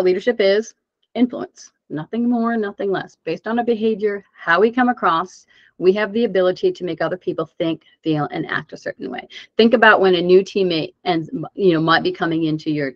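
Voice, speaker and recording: A woman presenting a webinar for coaches. She speaks in an animated, conversational way and asks the audience many rhetorical questions. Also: lowish voice, dry recording. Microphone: video call mic. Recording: dull, dry webinar audio.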